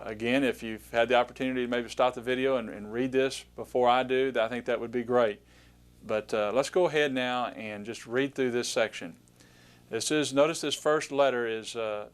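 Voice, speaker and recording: A man's voice: medium pitch, clear, resonant tone. A man teaching a recorded Greek lesson, patiently pronouncing each word aloud with frequent hesitations.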